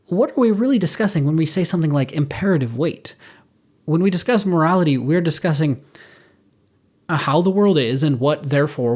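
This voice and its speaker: A man's voice: fairly high pitch, a little mellow. A man giving a scripted philosophical monologue for his video essay, reasoning aloud in an earnest way and correcting himself as he goes.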